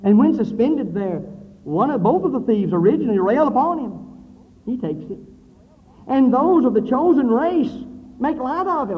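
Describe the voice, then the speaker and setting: A man preaching a sermon with dramatic swings between loud declaiming and low, hushed passages. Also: big pitch swings, moderate pace, slight background noise. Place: church building with brick wall. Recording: phone-like thin sound in a reverberant hall.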